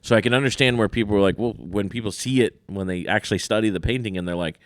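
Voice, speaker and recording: A man co-hosting a podcast in casual chat, animated and dismissive as he rants. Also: fairly low pitch, fast talker. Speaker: podcast co-host.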